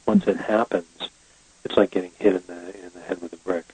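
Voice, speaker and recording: A man's voice: deep voice, steady tone, a little fast, a little mellow, slightly rough, no echo, low-quality recording. A middle-aged man, a guest author on a podcast, talking in a reflective, thoughtful way with plenty of fillers. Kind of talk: casual podcast interview.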